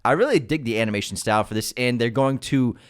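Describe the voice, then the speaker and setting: A man's voice: medium pitch, fast talker, smooth. A young man co-hosting a podcast in casual chat, teasing his brother and laughing often. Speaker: podcast co-host.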